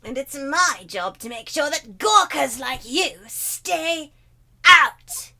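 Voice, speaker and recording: A woman doing a crabby old security guard lady from a video game, who scolds and rambles on about the youth of today. The voice sits high and bright and swoops all over the place. She drags her words out slowly. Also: lively intonation, heavily acted. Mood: scolding. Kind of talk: game dialogue voiced aloud.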